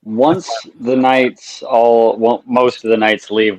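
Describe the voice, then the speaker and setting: A man playing a tabletop game, slowly narrating his character in the third person. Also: medium pitch, flat delivery, a little mellow, no room sound, poor audio. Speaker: player. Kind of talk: tabletop role-play chat.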